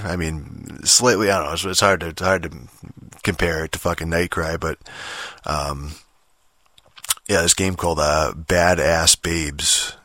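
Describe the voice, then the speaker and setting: Deep-voiced man ranting casually, bright tone. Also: dry recording, studio quality. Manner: profane, rambling with constant filler words and restarts; exasperated, mocking. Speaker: gamer talking about games. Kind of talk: casual rambling rant.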